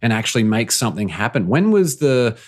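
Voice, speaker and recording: A male host talks casually and haltingly, often breaking off and restarting his sentences. His voice sits at an ordinary middle pitch. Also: sing-song, darkish tone. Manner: hesitant, trails off and restarts phrases. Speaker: podcast host. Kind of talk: casual conversation.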